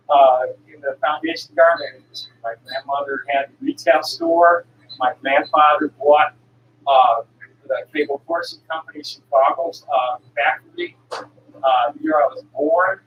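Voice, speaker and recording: A low-pitched woman in her sixties, a traveling seller of herbal medicine, gives a rambling, digressive monologue peppered with restarts and blunt, occasional curses. Background noise and faint ambience accompany an echoey room recorded from a distance.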